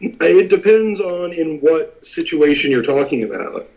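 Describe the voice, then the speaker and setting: A man's voice: fairly high pitch, animated, measured pace, a little mellow. A man narrating a tabletop game as game master, rambling with many restarts, on muffled lo-fi audio.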